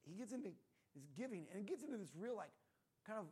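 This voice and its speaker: A man's voice: sits high, lively intonation, quick pace, dark tone, breathy edge. A male pastor giving a casual, conversational sermon in a church room, often tossing in rhetorical questions like "right?".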